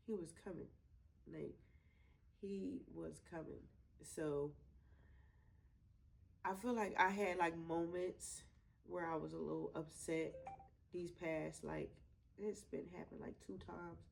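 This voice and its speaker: A woman being interviewed about her twin brother, talking in a loose, chatty way with lots of laughter, and going soft and quiet when she says she misses him. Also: low-pitched, creaky, low-quality recording. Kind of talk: casual interview.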